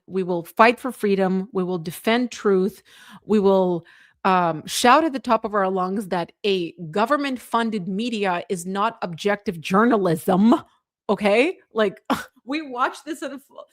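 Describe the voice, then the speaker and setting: A woman from the Soviet Union hosts a livestream in a mid-range voice, taking it slowly as she chats and reads viewer comments aloud. Her talk is chatty and full of fillers and "like," with an earnest, rallying tone.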